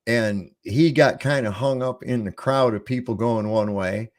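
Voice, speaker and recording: A man's voice: medium pitch, measured pace. Rambling, profane male podcast host. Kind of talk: casual podcast chat.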